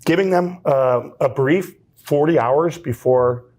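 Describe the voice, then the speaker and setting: A man speaking as an interview guest, earnest and measured, pausing and restarting often. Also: on the high side, a little mellow. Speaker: trade association president, guest. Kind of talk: interview conversation.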